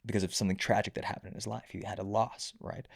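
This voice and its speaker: A man on a faith podcast, telling stories in casual chat, animated and rambling, full of restarts. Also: fairly low pitch, racing, gravelly, slightly rough.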